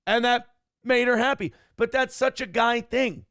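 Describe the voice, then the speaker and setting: A man's voice: very high voice, moderate pace, dry recording, studio quality. A man hosting a morning talk show, telling stories in casual, profane chat and swearing freely. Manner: animated storyteller, swears freely.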